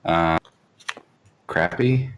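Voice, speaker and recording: A man's voice: low-pitched, animated, drawn-out words, dull audio, a little hiss or hum. A man playing a tabletop game, casually declaring his character's actions. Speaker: player.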